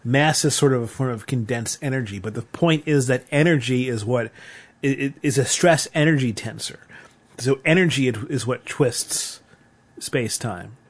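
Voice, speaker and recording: A man's voice: mid-range voice, moderate pace, breathy edge. A man co-hosting a podcast, explaining earnestly in casual chat and stammering on repeated words. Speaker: podcast co-host.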